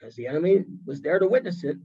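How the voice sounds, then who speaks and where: Husky man telling animated stories. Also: a little high, fast talker, dull audio. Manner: animated, acts out quoted voices. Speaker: podcast guest. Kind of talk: storytelling in an interview chat.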